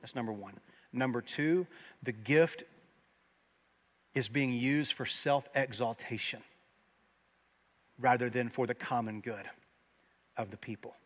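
A man preaching a sermon as pastor, swinging from loud emphatic peaks to quiet, earnest low passages. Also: slow pace, pauses often. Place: church sanctuary.

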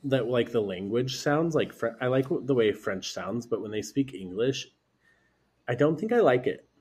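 A man's voice: mid-range voice, animated, moderate pace, a little mellow, slightly rough. A man from the United States co-hosting a podcast, chatting casually and rambling with lots of fillers. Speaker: podcast co-host. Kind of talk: casual chat.

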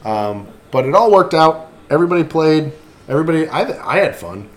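Male host, rambling and laughing, lively pitch, casual chat. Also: a little fast. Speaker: podcast host.

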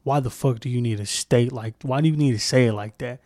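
A man's voice: mid-range voice, a little fast, a little mellow, no echo. Young guy going off on his podcast, cussing a lot, mid voice, dead dry mic. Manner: profane, emphatic, mocking impressions. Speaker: podcast host. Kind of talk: heated solo podcast rant.

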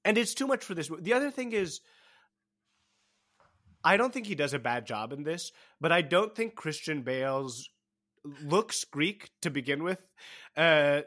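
A man with a fairly high, bright voice co-hosts a casual movie chat. He is emphatic and exasperated, and he breaks into laughter often. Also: very animated, measured pace. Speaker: podcast co-host.

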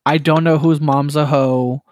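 A man's voice: fairly high pitch, steady tone, unhurried, darkish tone, no room sound, studio quality. A man co-hosting a gaming podcast in casual chat, swearing freely, mocking and laughing often. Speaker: podcast co-host.

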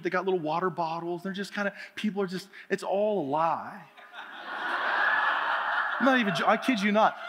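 Pastor guy preaching, funny stories, kinda high voice, long church reverb. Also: heavy background noise. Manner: animated, humorous storytelling with laughter; preaching with rising emphasis. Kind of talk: sermon. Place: church sanctuary. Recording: reverberant hall with faint music.

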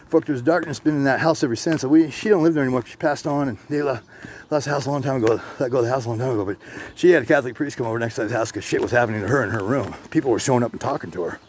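A middle-aged man telling stories in casual, profane, animated speech as a podcast host. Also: mid-range voice, racing, a little hiss or hum. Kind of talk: casual storytelling. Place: outdoors on a hilltop.

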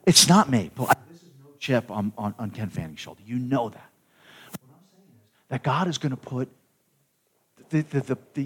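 A middle-aged pastor preaching a sermon in a loose, conversational storytelling way, often repeating and restarting words. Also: male voice, mid-range voice, husky.

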